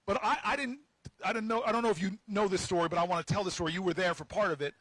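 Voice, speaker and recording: A senator speaking outdoors at a rally, telling a playful story to the crowd, with stammering restarts and repeated words. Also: male voice, high-pitched, racing, no room sound, rough recording. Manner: lively, playful storyteller who teases the crowd. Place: outdoors on building steps at a rally.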